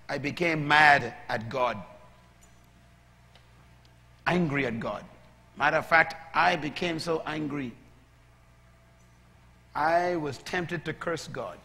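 Preacher, bright voice in a reverberant hall. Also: male voice, on the high side, takes it slowly, pauses often. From Bahamas. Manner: builds from calm teaching to loud shouted preaching. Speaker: pastor. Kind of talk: sermon.

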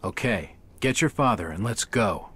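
A blunt, hard-bitten investigator in a video game. His voice is gruff and raspy and sits low, and it swings widely in pitch as he cuts people short. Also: lively intonation, moderate pace, bright, forceful tone, exaggerated voice. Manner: blunt and curt. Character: tough weary male investigator.

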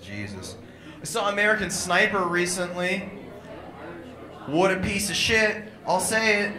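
Bright-voiced young man doing crude stand-up. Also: high voice, reverberant. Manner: crude, irreverent, mocking. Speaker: stand-up comedian. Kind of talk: stand-up comedy set. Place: comedy club stage.

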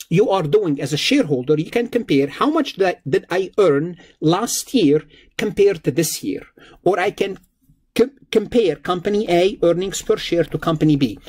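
A man's voice: fairly high pitch, a little mellow, slightly rough. A man lecturing on accounting in a recorded lesson, explaining patiently and repeating key points with everyday examples.

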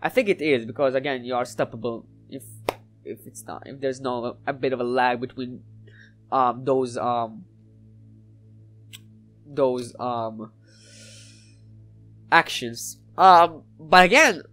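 A man giving live gameplay commentary. He is excitable and swears often, and he sounds frustrated during matches and more hesitant when looking back afterward. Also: medium pitch, slow pace, pauses often, faint music behind.

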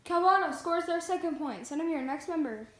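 A woman hosting a pretend competition show, playful and halting, with frequent fillers. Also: extremely high pitch, lively intonation, a bit bright, echoey room, low-quality recording. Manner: halting, with many fillers and restarts. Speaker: host of a toy competition show.

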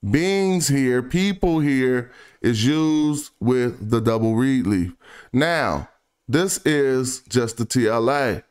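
A man with a speech pattern, working as an independent researcher, gives relaxed, improvised commentary while sharing his screen online. Smooth and resonant at a middle pitch, his voice slows for passages and then trails into low, hushed asides.

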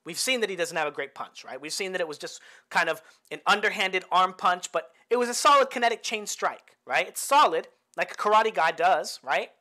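A man's voice: high-pitched, animated, brisk, few pauses, bright, forceful tone. A man who coaches boxing, breaking down fight film in an explanatory way and often checking in with the listener. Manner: explanatory, keeps checking in with "right?" and "okay?".

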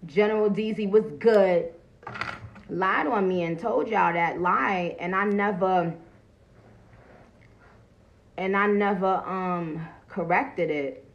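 Gravelly New woman ranting on a livestream. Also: mid-range voice, slow pace, pauses often, highs cut off. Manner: loud, profane and animated, greeting viewers between points. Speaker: livestream host. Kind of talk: casual livestream talk.

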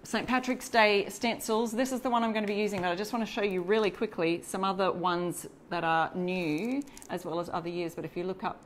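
A woman's voice: medium pitch, steady tone, a little fast, few pauses, slight background noise. An Australian woman chatting casually through a live craft tutorial, showing stencils and greeting viewers as she works. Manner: chatty, greets and reads out viewer comments while working. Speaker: DIY crafter hosting a live stencil demo.

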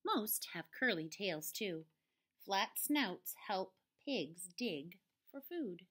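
A woman teacher reads picture books aloud to young children at a slow, unhurried pace. Her voice is bright and clear, and her pitch swings widely as she reads. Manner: slow and expressive, with lively character voices.

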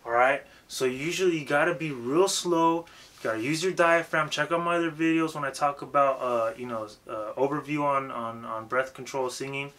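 A man's voice: mid-range voice, moderate pace, fairly bright tone. A man giving a casual, emphatic lesson on rapping and stage presence, swearing freely and repeating himself for emphasis. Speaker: rap coach.

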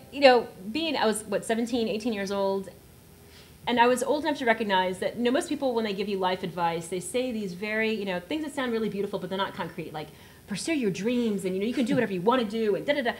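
A woman in her thirties from South Texas tells a personal story to a panel audience. She is animated, laughs often, and acts out the voices she quotes. A faint hum of room ambience sits under her voice. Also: a little high. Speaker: panel guest writer. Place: auditorium panel discussion.

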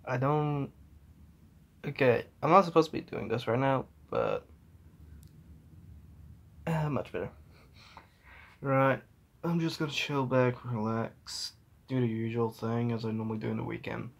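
Slow, rambling young New guy. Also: medium pitch, vocal fry. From New Zealand. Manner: rambling, trails off, chuckles between thoughts. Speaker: vlogger. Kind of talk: casual vlog chat. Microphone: phone held at arm's length.

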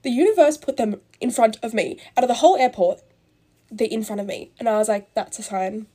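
A woman's voice: on the high side, dark tone. A young woman telling a chatty, gossipy story while getting ready, full of "like" and casual swearing. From Australia. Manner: fast, gossipy, heavy use of "like", swears casually.

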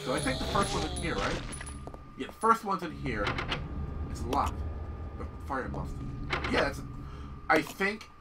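A man casually commentating on a horror video game as he plays, excitable and swearing often. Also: fairly high pitch, a little slow, vocal fry, long pauses, distant mic, very noisy. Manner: excitable, profane, yells at the game. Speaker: gameplay commentator. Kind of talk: casual let's-play commentary.

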